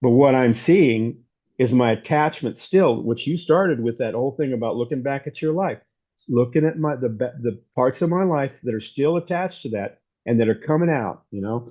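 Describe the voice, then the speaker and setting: A man's voice: mid-range voice, normal speed, warm tone. A man giving an informal, rambling sermon as a pastor, telling stories in a conversational way. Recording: dull lo-fi recording.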